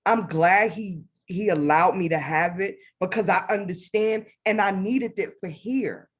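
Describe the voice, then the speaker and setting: A woman telling a personal spiritual story as a guest, animated, acting out her own past words. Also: mid-range voice, measured pace, breathy edge. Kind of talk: casual faith testimony.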